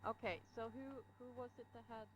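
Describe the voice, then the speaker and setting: A woman's voice: on the high side, steady tone, brisk, poor audio. A woman playing in a tabletop game, hesitant and unsure about her move. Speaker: player. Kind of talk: casual game chat.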